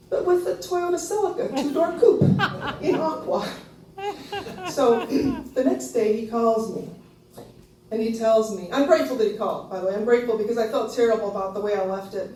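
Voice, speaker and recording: The recording is echoey, with the voice a bit distant and faint background noise, from a small live venue with an audience. There, a woman in her fifties animatedly tells a personal story on stage, laughing often and jumping into a high squeal as she quotes herself.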